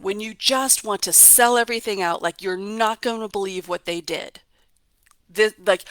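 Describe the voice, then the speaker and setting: A woman's voice: mid-range voice, fairly bright tone, no echo. A woman hosting a motivational talk, coaching her listeners in an emphatic, repetitive way. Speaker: host.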